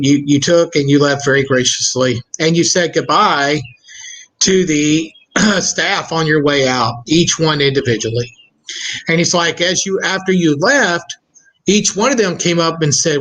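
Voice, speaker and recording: A man's voice: on the high side, a little slow, fairly bright tone, poor audio. A man hosting a podcast, telling an anecdote and acting out the voices of the people in it. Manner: acts out the voices in his anecdotes. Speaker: podcast host. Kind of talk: casual interview storytelling.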